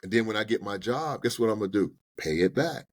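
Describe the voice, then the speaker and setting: A man giving personal finance advice in a casual podcast conversation, talking in an animated, colloquial way and acting out little exchanges with banks. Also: on the low side, quick pace. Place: podcast studio.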